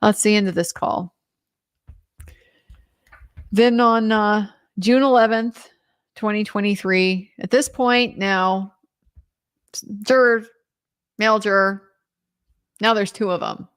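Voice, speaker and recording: A woman's voice: medium pitch, steady tone, takes it slowly, long pauses, smooth. A woman as a legal commentator, giving a casual trial recap in a conversational way with lots of filler words.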